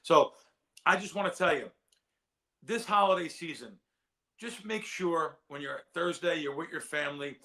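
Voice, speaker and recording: Gravelly, bright-voiced man rambling on a show. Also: fairly high pitch, moderate pace, pauses often. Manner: rambling, heartfelt, repeats words. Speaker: sports betting analyst. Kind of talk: casual chat.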